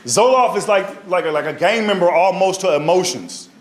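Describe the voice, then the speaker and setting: A male stand-up comedian telling stories in an animated way, often checking in with the crowd. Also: sits high, normal speed. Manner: animated, storytelling, often asks "right?". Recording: live club with loud audience laughter.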